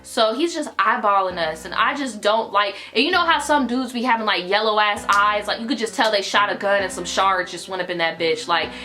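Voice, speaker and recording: A young adult woman telling a story in an animated, profane, filler-heavy style. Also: mid-range voice, a little fast, hardly any pauses. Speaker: YouTuber. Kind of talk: casual storytime vlog. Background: music.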